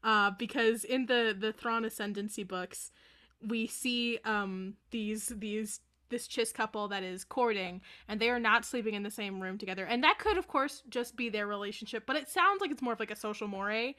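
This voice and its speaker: A woman on a casual fan podcast, explaining in an amused, measured way. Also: fairly high pitch, bright, forceful tone. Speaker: podcast panelist.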